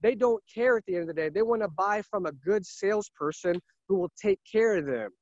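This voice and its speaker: A man's voice: high-pitched, animated, fairly quick, a little mellow, no echo, lo-fi sound. A man who sells cars, talking earnestly and emphatically in a casual interview, often repeating himself. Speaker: car salesman.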